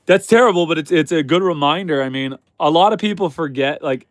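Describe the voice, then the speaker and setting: A man from Canada hosting a homesteading livestream with a head cold, his voice stuffy and slightly hoarse, chatting upbeat with viewers and his animals. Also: on the high side, brisk, no echo. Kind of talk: casual livestream chat reading viewer comments. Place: chicken coop on a homestead.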